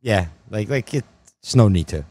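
A man with a mid-range voice that swings lively up and down argues his draft picks, repeating words to press a point. The sound is dry and close-miked. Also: fairly low pitch, a little slow, no echo. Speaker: fantasy football co-host. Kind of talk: casual sports chat.

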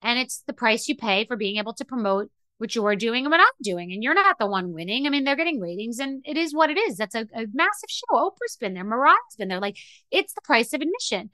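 A middle-aged woman hosts a podcast in a candid, emotional monologue, rambling and restarting as she goes. Her voice is bright and forceful, sitting slightly high. The recording is dry and close. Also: very animated, a little fast, no echo. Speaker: podcast host.

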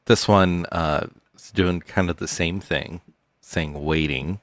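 A man with a very low, deep voice tells stories in an unhurried, deadpan manner on a comedy podcast. The sound is dry and close to the mic. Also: no room sound. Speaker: podcast co-host. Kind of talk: casual comedic chat.

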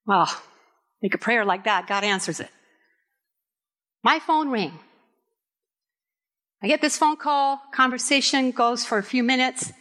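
A middle-aged woman pastor from Puerto Rico, preaching a candid sermon with personal stories and emphatic, drawn-out phrases. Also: on the high side, bright, forceful tone. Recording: reverberant hall.

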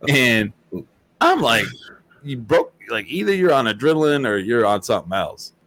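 A man hosting a casual chat. He tells stories in a lively, profane way and acts out what people said. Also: medium pitch, moderate pace. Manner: animated, profane storytelling with acted-out quotes. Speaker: host.

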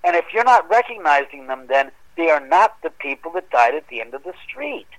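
A man's voice: brisk, poor audio. A man telling a long personal ghost story in a casual chat, acting out the voices in his quotes. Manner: animated, acts out quoted dialogue with rising pitch. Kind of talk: casual storytelling on a podcast call.

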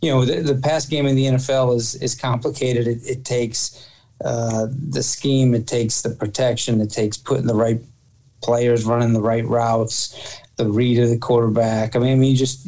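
A football coach talks through his answers in an interview, stopping, restarting and repeating words as he thinks. His voice is gravelly with fry, and the tone sits dark and mellow. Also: mid-range voice, fairly even intonation, moderate pace, poor audio.

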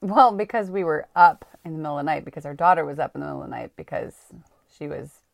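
A woman co-hosting a podcast in casual chat, talkative and laughing often, speaking in quick bursts. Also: low voice, vocal fry, no echo, studio quality. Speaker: podcast co-host.

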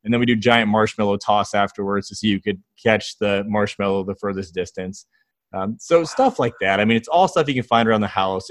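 A man in his thirties, a guest in an interview, telling lively stories about his kids and acting out their quotes. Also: fairly low pitch, dry recording. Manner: enthusiastic storyteller, acts out quotes. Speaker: guest, fatherhood author and founder. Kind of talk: conversational interview storytelling.

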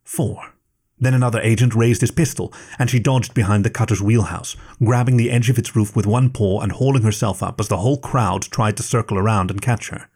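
A man with a fairly low voice narrates an action story in a steady, measured manner. His scripted reading keeps an even pace through the scenes. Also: husky.

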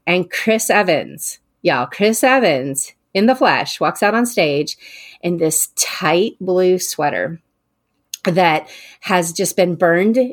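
A young woman, telling a story in casual chat, animated and full of fillers. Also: slow pace. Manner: animated, many fillers, acts out quotes in a higher voice.

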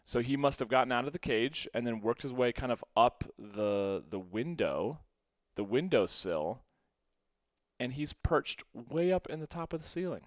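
A man telling a story from his own past in a casual way, quoting himself and laughing often, his voice swinging between hushed and loud. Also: mid-range voice, animated, moderate pace, dry recording, studio quality. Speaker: podcast host.

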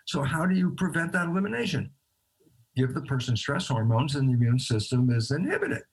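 A man's voice: medium pitch, big pitch swings, a little fast, husky. A man, a guest scientist in a conversational interview, explaining by acting out both sides of a dialogue and chuckling between phrases.

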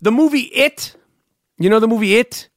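A man's voice: very high voice, moderate pace, no echo, studio quality. A man co-hosting a comedy podcast, ranting with profane disbelief in casual chat. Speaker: podcast co-host.

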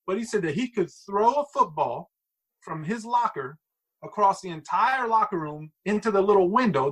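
A man's voice: on the high side, fairly bright tone, poor audio. A man co-hosting a casual chat, telling a rambling story and eagerly questioning the guest. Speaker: co-host.

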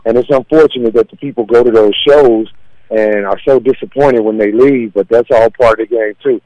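A man's voice: medium pitch, steady tone, a little fast, dry recording, muffled recording. A man, a comedian, talking casually in an interview, confident and laid-back as he tells stories. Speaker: comedian guest.

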